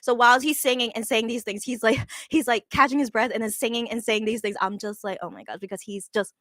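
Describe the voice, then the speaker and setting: A woman's voice: fairly high pitch, fairly even intonation, fast talker, fairly bright tone, no echo, studio quality. A woman casually recapping a live show she saw, gushing and rambling with lots of fillers and restarts.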